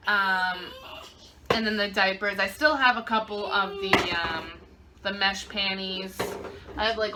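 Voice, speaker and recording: A woman's voice: medium pitch, noisy background. A young woman vlogger casually recounting a personal story, chatty and full of fillers.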